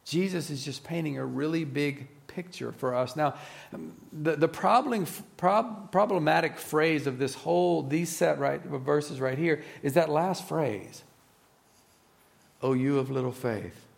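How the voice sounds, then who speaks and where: A man preaching a sermon in an earnest, reflective way, often dropping to a soft, low voice. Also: a little slow, vocal fry.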